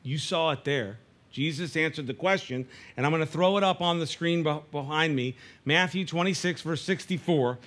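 A man's voice: fairly high pitch, moderate pace, a bit bright. A man preaching a conversational sermon, acting out the dialogue of the figures in the story. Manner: conversational preaching, acts out dialogue, frequent restarts. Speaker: pastor.

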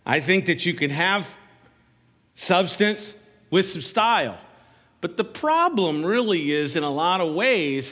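A man's voice: a little high, a bit bright. Preaching man in a reverberant church. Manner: conversational preaching with call-and-response asides. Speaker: pastor. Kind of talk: sermon.

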